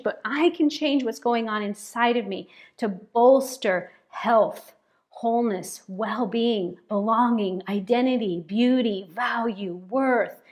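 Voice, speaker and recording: A woman pastor preaching a sermon in an animated way, repeating words for emphasis. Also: fairly high pitch. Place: church, speaking to a congregation and online chat.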